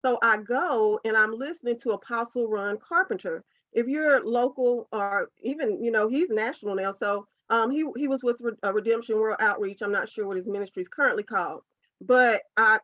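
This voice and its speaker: A podcast guest from South Carolina in the US recounts her personal faith journey earnestly and from the heart. She has a mid-range, slightly bright voice, captured in dull, dry lo-fi sound.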